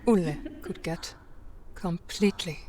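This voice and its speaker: A gentle game narrator telling a fairy tale in scripted storybook style. The delivery is calm and measured. Her voice sits somewhat low.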